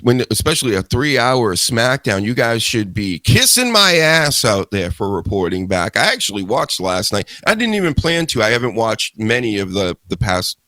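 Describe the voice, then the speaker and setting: Animated, profane podcast host man. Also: on the low side, moderate pace, few pauses, no echo. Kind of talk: casual wrestling talk show chat.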